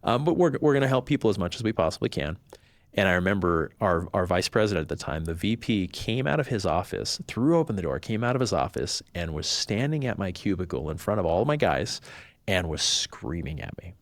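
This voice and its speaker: A man's voice: low-pitched, a little fast, no room sound. A man, a podcast guest, telling a personal story in casual chat and acting out the voices of the people he quotes. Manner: animated, acts out quoted voices.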